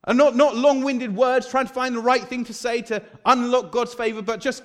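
A man preaching a sermon in a high, light voice. He tells Bible stories with lively energy and acts out each character as he goes. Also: a little fast, few pauses. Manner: animated storytelling, acts out biblical figures.

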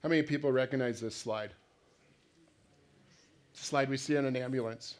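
A man's voice: mid-range voice, normal speed. Conversational male preacher. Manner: conversational, asks the congregation questions, acts out voices. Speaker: pastor. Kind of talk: sermon.

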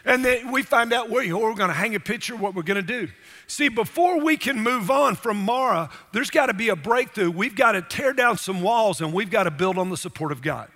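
A pastor preaching a sermon with emphasis, often asking the congregation rhetorical questions. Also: male voice, high voice, animated, a little fast, sharp tone, big-room sound.

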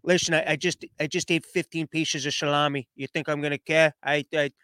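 A man's voice: on the high side, flat delivery, brisk, sharp tone, no echo, voice pushed down. A man voicing an overfed middle-aged male mob boss who shrugs everything off drowsily. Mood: sated.

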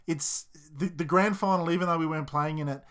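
A man's voice: fairly high pitch, brisk, fairly bright tone, clean tone. An Australian man co-hosting a casual sports podcast, gleeful and chuckling as he talks. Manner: gleeful, chuckling while teasing rivals. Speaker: podcast co-host.

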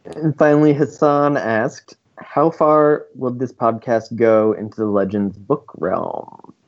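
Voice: mid-range voice, slow, highs cut off. A podcast co-host in casual chat, reading listener questions and laughing a lot.

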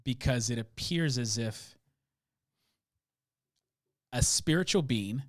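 A man co-hosting a casual Bible discussion, emphatic and getting loud when he mimics someone. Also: mid-range voice, slow pace.

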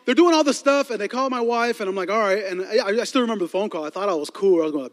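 High-voiced animated man preaching in a hall. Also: racing, few pauses. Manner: animated, lively storytelling with laughs. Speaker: youth pastor. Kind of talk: humorous sermon storytelling. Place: large church auditorium. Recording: long reverb of a large hall.

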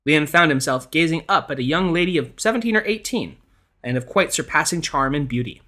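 A man reading an old ghost story aloud in a measured, expressive storytelling style. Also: on the high side. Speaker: podcast narrator. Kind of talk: scripted storytelling narration.

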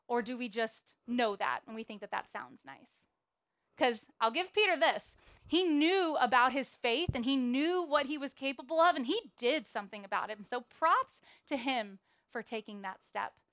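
A woman preaching a sermon in a church, telling a Bible story in a lively, playful way. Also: on the high side.

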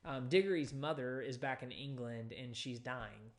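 A man's voice: mid-range voice, normal speed. Man preaching a conversational sermon. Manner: conversational teaching with frequent fillers, reading scripture aloud. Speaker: pastor.

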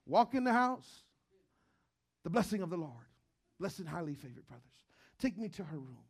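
A man preaching a sermon as pastor, moving between joking storytelling and quiet, earnest preaching. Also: sits high, sing-song, normal speed, slightly rough.

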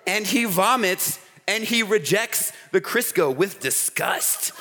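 A man preaching a youth sermon at a camp, telling stories in an animated way and checking in with the crowd with "okay?" and "all right?". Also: sits high. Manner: animated storytelling with frequent "okay?" asides. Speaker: camp speaker. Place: large hall with an audience. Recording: hall reverb.

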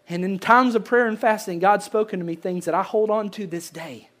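A pastor preaching a sermon, swinging between loud emphasis and hushed lines and repeating phrases for effect. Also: medium pitch, quick pace, few pauses.

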